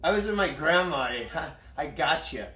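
Young male streamer, slightly high voice, playful teaser, echoey room. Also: animated, moderate pace, pushed and bright, slight background noise. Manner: playful, teasing, repeats himself. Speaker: live streamer. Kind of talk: casual chat. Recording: roomy echo.

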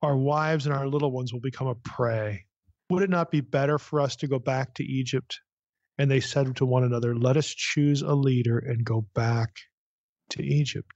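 A man's voice: medium pitch, fairly even intonation, normal speed, a little mellow, no room sound, highs cut off. A man hosting a podcast, teaching through a Bible passage in a conversational way with frequent fillers and scripture read aloud. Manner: conversational, many "you know" fillers, reads scripture aloud.

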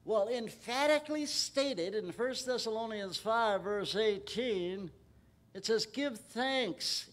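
Male pastor, high voice, emphatic Bible-study preacher who lifts his voice on scripture. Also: takes it slowly, fairly bright tone. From Texas. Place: church.

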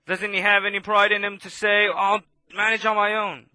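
A man preaching a sermon, impassioned and swinging between loud outbursts and hushed asides. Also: high-pitched, flat delivery, moderate pace, no room sound.

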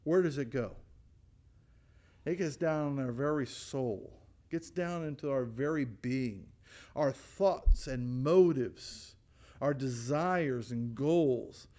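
A man's voice: mid-range voice, slow pace. A man pastor leading a Bible study, asking the group questions and answering them himself, laughing now and then. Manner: animated, asks rhetorical questions and answers them; acts out voices in quotes, laughs often.

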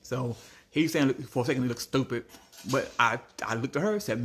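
A man telling a story to his viewers in a blunt, animated way, calling them family. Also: medium pitch, moderate pace. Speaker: small business owner vlogging.

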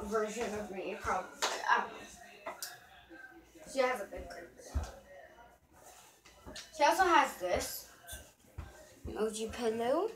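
Young woman, slow rambling chat, high voice, noisy clicky phone audio, bedroom. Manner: rambling, full of fillers like "so" and "yeah". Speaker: vlogger. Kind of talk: casual vlog chat. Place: bedroom indoors. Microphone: handheld phone.

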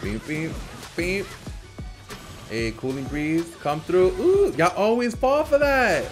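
Brief: male gamer host, fairly high voice, very lively pitch, playful trash talk, game music faint underneath. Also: slow pace. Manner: animated, playful trash talk with frequent laughter. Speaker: gaming channel host. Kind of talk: live gameplay commentary.

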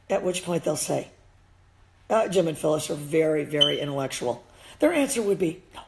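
A woman's voice: low-pitched, sing-song, measured pace, long pauses, a little hiss or hum, poor audio. A woman with a Midwestern accent, an e-collar dog trainer giving a blunt, emphatic live-stream rant and swearing freely. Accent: Midwestern American.

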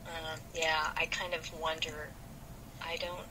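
A woman's voice: low voice, little pitch movement, takes it slowly, sharp tone, a little hiss or hum, poor audio. A woman hosting a casual book discussion, speaking hesitantly with many fillers and restarts. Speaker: podcast host.

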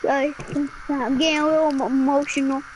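A woman streaming a game in casual chat, excitable and melodramatic, breaking into sudden shouts. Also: high-pitched, fast, slight background noise, poor audio. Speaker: gaming streamer.

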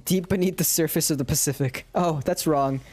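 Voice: medium pitch, a little fast, darkish tone, no echo, soft background music. Casual streamer reading a dating sim. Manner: casual, swears, laughs at own slips, tries character voices.

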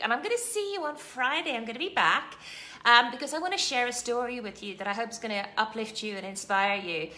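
A woman's voice: on the high side, bright, forceful tone. A woman hosting a weekly live coaching stream, chatting in a bubbly, gushing way, full of fillers and asides. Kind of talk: casual live-stream chat. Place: at home.

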